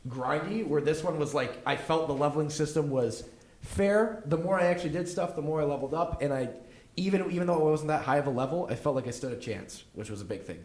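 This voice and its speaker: Fast-talking, rambling male podcast host. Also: a little high, darkish tone. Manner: rambling, loose and profane, with frequent fillers. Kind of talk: casual gaming podcast chat.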